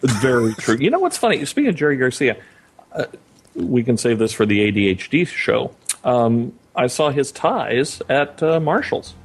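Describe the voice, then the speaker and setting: A man's voice: mid-range voice, normal speed, breathy edge. Chatty man telling a story. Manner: animated storyteller, chatty with fillers. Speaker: podcast co-host. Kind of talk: casual chat.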